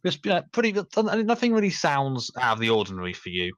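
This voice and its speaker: A man's voice: mid-range voice, wildly swooping pitch, fast talker, no room sound. A man acting as game master, narrating a tabletop game in a loose, rambling way.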